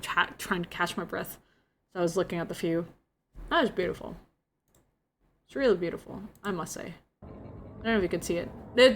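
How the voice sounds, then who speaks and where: A woman's voice: fairly low pitch, a little hiss or hum. A young woman, chatting casually to her stream viewers and rambling through a story. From Indonesia.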